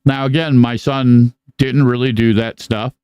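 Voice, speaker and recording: A man's voice: mid-range voice, fairly even intonation, a little slow, darkish tone, smooth, dry recording. A middle-aged man co-hosting a podcast, telling rambling, profane stories in casual chat. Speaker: podcast co-host. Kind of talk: casual live podcast monologue.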